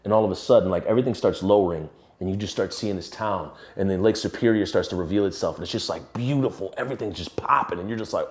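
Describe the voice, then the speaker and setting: A musician talking casually about a song he is writing, rambling and relaxed with many restarts. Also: deep voice, quick pace, hardly any pauses. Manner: swears casually. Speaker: musician and songwriter.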